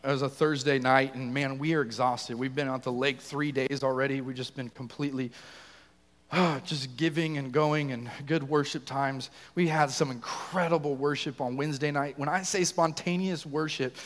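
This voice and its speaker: A young man preaching passionately to his church, often raising his voice close to shouting. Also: medium pitch, steady tone, normal speed. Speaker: youth pastor leading worship. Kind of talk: sermon. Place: church sanctuary. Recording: long reverb of a church hall.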